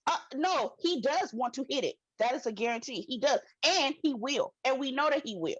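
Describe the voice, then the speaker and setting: A woman's voice: sits high, moderate pace, breathy edge, no room sound. Blunt, slangy woman on a dull call. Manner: blunt, animated, slangy storytelling. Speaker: guest. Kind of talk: casual chat recap.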